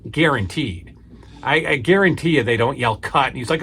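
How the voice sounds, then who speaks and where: A man in a relaxed vlog, chatting at an easy, unhurried clip with plenty of ums and restarts. His voice sits at an ordinary middle pitch, and a faint hum of background noise runs under the talk. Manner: rambling, with many fillers and restarts. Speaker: movie collection vlogger. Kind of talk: casual to-camera chat.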